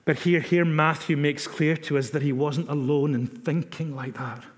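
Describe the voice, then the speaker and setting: A man preaching a sermon in a measured, emphatic way, repeating phrases for stress. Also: fairly high pitch, steady tone. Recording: long reverb of a hall.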